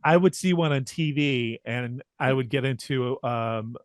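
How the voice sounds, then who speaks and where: A man's voice: mid-range voice, a little slow. A man co-hosting a church podcast, telling a story and steering topics casually. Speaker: music director and podcast co-host.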